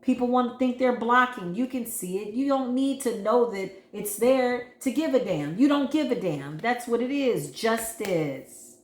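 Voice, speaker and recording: A woman's voice: on the high side, expressive, measured pace, few pauses, echoey room. A woman giving a tarot reading to her viewers, talking emphatically and expressively and addressing them directly. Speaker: tarot reader.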